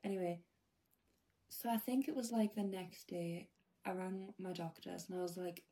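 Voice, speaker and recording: A young British woman casually telling a rambling personal story as a vlogger, often dropping her voice to a hush. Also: lowish voice, steady tone, normal speed.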